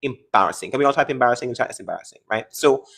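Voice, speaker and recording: A man's voice: medium pitch, animated, racing, creaky, fairly bright tone, breathy edge. A man hosting a live-stream debate, taunting and interrupting callers in a combative way.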